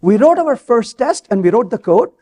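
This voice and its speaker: A man's voice: extremely high pitch, normal speed. A man giving a live conference talk on stage, telling stories animatedly and acting out the dialogue. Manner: animated storytelling, acts out quoted dialogue. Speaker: conference speaker.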